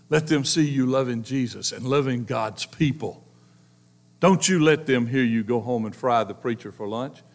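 A man preaching a sermon, telling folksy stories and swinging between loud and soft. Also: medium pitch. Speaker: pastor.

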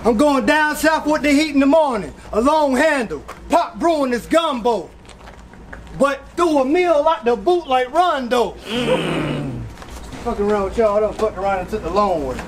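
Very high-pitched, aggressive battle rapper. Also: male voice, animated, normal speed. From South Carolina. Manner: boastful, aggressive, breaks into shouts and hype ad-libs. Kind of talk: battle rap performance. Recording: noisy live event with crowd ambience.

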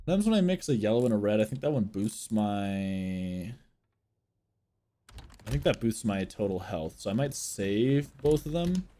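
Here a young streamer with a lowish voice keeps a moderate pace as he chats casually about his game. He addresses chat directly, full of excitable jokes and frequent swearing.

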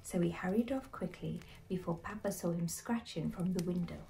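Woman storyteller, soft hushed bedtime narration, mellow tone, slightly distant mic. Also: lowish voice, normal speed, creaky, faint music behind.

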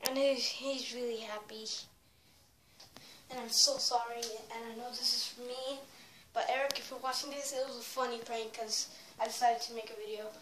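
A woman's voice: on the high side, steady tone, moderate pace. A teenage girl vlogging a prank on a handheld device, rambling and restarting her sentences. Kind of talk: casual prank vlog. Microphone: phone or tablet held in hand. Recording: echoey room with background noise.

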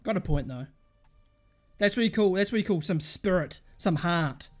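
Foul-mouthed gamer ranting. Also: male voice, high voice, lively intonation, normal speed, faint music behind. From England. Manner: swears constantly and rants at the game; swings from shouting outbursts to muttered grumbling. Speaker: gaming streamer. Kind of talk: live gameplay commentary.

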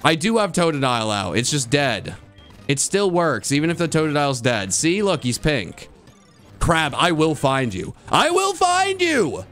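A man streaming a video game live, chatting with his viewers and breaking into loud, frustrated outbursts. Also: a little high, very animated, normal speed, soft background music. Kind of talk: live gameplay commentary.

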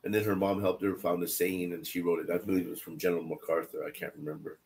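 A middle-aged man telling family stories while teaching a Bible study, animated and repeating phrases for emphasis. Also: deep voice, fast, creaky, slight background noise. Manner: animated, repeats phrases for emphasis, jumps between quiet asides and loud quoted lines. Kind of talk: casual storytelling in a Bible study.

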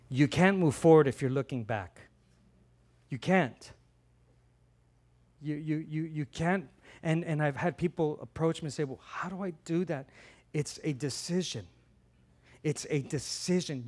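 With a slightly high voice, a middle-aged man preaches passionately as a pastor. He alternates loud, emphatic lines with quiet, earnest ones and repeats phrases to stress them.

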